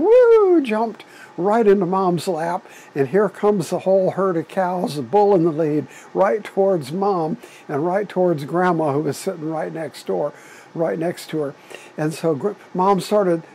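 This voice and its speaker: A man's voice: a little high, a little mellow, slight background noise, rough recording. A man telling a personal anecdote in a folksy, chuckling way, adding sound effects as he goes. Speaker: storyteller.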